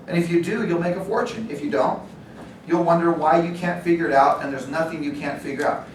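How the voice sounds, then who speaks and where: A middle-aged man leading a live real estate training, telling stories with lively acted-out quotes and frequent laughter. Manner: animated storyteller, acts out quotes, laughs often. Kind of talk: live training talk to agents. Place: training room. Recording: roomy, distant, faint rumble.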